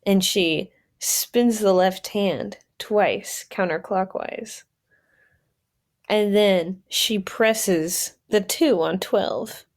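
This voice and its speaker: A woman podcast host telling an improvised story in a casual, giggly way with many fillers. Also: mid-range voice.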